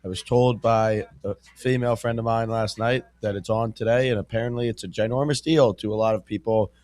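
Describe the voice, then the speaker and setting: A man's voice: lowish voice, fairly even intonation, fairly quick, a little mellow. A young man in his twenties co-hosting a radio show, rambling and dismissive. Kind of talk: casual sports radio chat.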